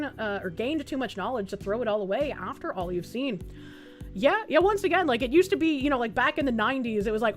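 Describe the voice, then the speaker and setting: Casual woman streamer, high voice, salty and giggly while reading chat. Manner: profane, quick to laugh, reads chat messages aloud.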